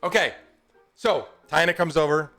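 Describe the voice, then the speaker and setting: A man narrating as game master in a tabletop game, casual and quick to laugh, with music faintly behind. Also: on the high side, sharp tone.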